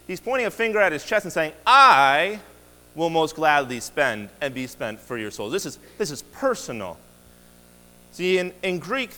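A male pastor delivers an earnest sermon with a lively, rising and falling voice that sits a touch high for a man. He leans hard on key words and often restarts his phrases. The sound carries a long church-hall reverb. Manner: earnest, emphatic preaching with repeated restarts. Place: church sanctuary.

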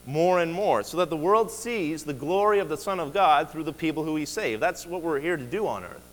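A man's voice: fairly high pitch, expressive, fairly quick, in a large hall, rough recording. A man preaching a sermon as pastor, earnest and emphatic, often restarting his phrases. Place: church sanctuary.

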